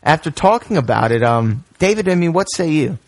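A man hosting a casual film review chat, retelling scenes in an animated way with many fillers. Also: a little high, a little fast, a little hiss or hum. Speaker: podcast host.

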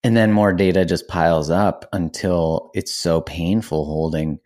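A man hosting a podcast, relaxed and casual, swearing now and then. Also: deep voice, unhurried. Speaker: podcast host. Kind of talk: casual conversation.

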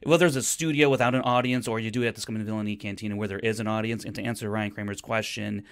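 A man co-hosting a podcast in casual chat, animated and often restarting his sentences. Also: fairly low pitch, very fast, clear, resonant tone. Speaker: podcast co-host.

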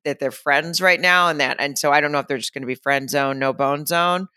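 A woman's voice: deep voice, brisk, pushed and bright, clean tone, dry recording, studio quality. A woman co-hosting a podcast in casual chat, rambling and correcting herself as she talks. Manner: rambling, self-correcting, laughs easily. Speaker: podcast co-host.

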